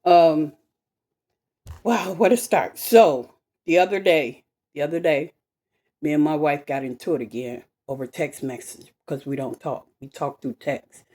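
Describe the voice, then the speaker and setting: A woman telling a personal story to camera in an animated, emphatic way, swearing freely and repeating herself. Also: deep voice, measured pace. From west side of Chicago. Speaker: vlogger.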